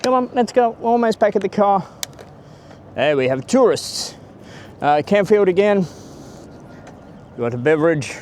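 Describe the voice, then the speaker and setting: This man speaks in a high-pitched, expressive voice with a darkish tone, pausing often and never rushing. He's a travel vlogger giving a chatty, wandering walking tour outside a stadium, filming on a handheld camera or phone and greeting people who pass by. A slight hiss or hum runs underneath.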